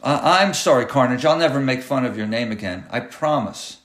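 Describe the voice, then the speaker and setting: A man's voice: mid-range voice, expressive, a little fast, fairly bright tone, pitched above the performer's own voice, close to an everyday voice. A man voicing a frightened but defiant seventh-grade boy who stammers as he stands up for his little sister. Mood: scared. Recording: roomy echoey room.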